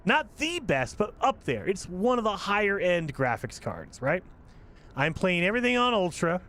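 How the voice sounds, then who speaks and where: A man giving casual gameplay commentary as a channel host, talking in an animated, exasperated rant. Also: high voice, a little hiss or hum.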